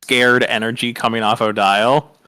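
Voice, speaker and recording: A man's voice: medium pitch, little pitch movement, normal speed, bright, forceful tone, smooth, no echo. A man narrating as game master in a tabletop role-play stream, hesitant and full of fillers.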